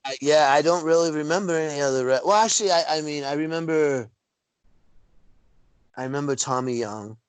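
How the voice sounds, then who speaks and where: Animated storytelling man on a video call. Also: a little fast, clear, resonant tone, no echo, rough recording. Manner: animated storyteller, acts out quotes with big pitch jumps. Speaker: wrestling referee guest. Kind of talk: casual storytelling interview.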